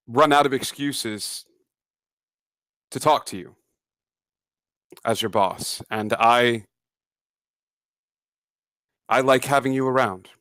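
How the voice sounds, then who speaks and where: A man voicing a shy, tearful office boss who stumbles through a confession at a slow pace. His words come out haltingly, full of stammers, in a dry, close sound. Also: mid-range voice, fairly bright tone, dry recording. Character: emotional middle-aged male boss, shy and tearful.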